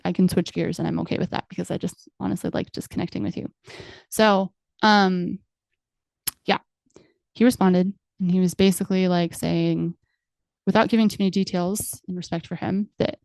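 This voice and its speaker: A woman's voice: lowish voice, fairly even intonation, normal speed, creaky, a little mellow, dry recording, studio quality. A woman in her thirties hosting a podcast, candidly telling a personal story in a chatty way with many fillers. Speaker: podcast host.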